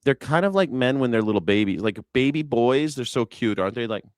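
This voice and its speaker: A man's voice: medium pitch, animated, brisk, dry recording. Male host, comedic ranter, profane and loose, dry close sound. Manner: loose, profane, laughing storytelling. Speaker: show host. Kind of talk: comedic rant.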